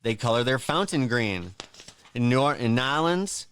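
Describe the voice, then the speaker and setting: A man's voice: medium pitch, lively intonation, moderate pace, fairly bright tone, clear, resonant tone. A man hosting a podcast on his own, reading out holiday facts in a casual, rambling way, with joking asides and plenty of fillers. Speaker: podcast host.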